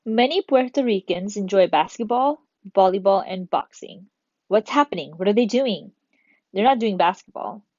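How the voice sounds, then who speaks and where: A woman's voice: mid-range voice, expressive, normal speed, a little mellow, no room sound, highs cut off. A woman teaching a recorded grammar lesson to third graders, chatty, asking and answering her own questions.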